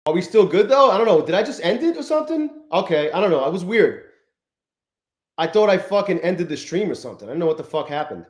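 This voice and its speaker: Brief: male live-stream host, somewhat high voice, loose profane rambling, roomy echoey sound. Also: lively intonation, fast. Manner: profane, rambling, greets chat viewers. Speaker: livestream host. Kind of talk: casual live-stream chat.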